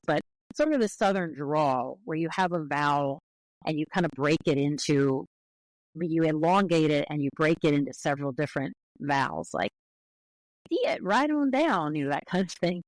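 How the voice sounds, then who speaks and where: A woman's voice: sits low, normal speed, dry recording, low-quality recording. Woman explaining in a dry, close recording. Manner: careful, explanatory, with frequent fillers and restarts. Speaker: linguist guest. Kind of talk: explanatory interview talk.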